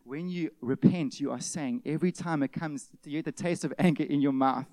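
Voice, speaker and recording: A male pastor preaching a sermon, swinging from loud emphatic peaks to hushed near-whispers and asking the congregation rhetorical questions. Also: a little high, a little fast, few pauses, no echo.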